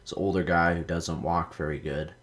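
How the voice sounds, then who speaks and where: Low-voiced young man rambling casually. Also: little pitch movement, a little fast, fairly bright tone. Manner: rambling storytelling, heavy swearing, lots of "like". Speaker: gaming video host. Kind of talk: casual gameplay commentary.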